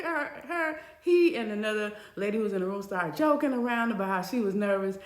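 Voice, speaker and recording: High-voiced girl spilling tea, animated and gossipy, echoey room sound. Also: fairly quick, few pauses. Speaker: storyteller. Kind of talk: casual storytime chat.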